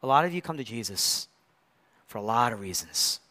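A man preaching a sermon as pastor, animated, swinging between loud rises and hushed, low lines. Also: normal speed. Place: church.

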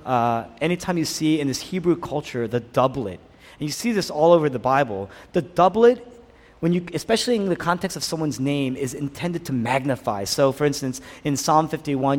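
A male preacher delivers a sermon with earnest, emphatic repetition. His voice is husky and sits on the higher side for a man. A long hall reverb trails each phrase. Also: expressive, moderate pace.

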